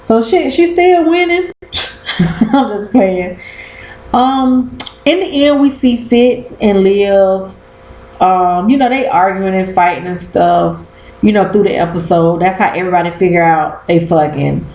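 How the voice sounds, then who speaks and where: Recapping a TV episode, a vlogger chats casually in a mid-range, somewhat mellow voice, speaking a little slowly. Her talk is slangy and full of cussing, and she performs the quotes herself. The audio is low quality and sounds roomy.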